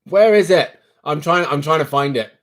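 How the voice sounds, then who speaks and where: A young man hosting a livestream, chatting casually with viewers in an animated, rambling way. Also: a little high, moderate pace. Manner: chatty, animated, self-interrupting. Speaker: livestream host. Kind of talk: casual live chat with viewers.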